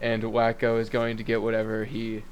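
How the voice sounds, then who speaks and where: A man's voice: on the low side, completely flat delivery, normal speed, a little hiss or hum. A man hosting a casual podcast, chatting and joking with friends as he wraps up the episode. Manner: joking, wraps up the show with playful outro. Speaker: podcast host. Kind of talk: casual chat among friends.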